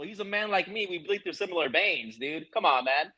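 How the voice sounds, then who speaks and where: A man with a high voice speaks emphatically and swears freely while giving motivational talk as an interview host. He keeps it casual and matey, often saying "bro" and "man". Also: fairly quick, bright, forceful tone, low-quality recording. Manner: emphatic, motivational, profane, calls listener bro.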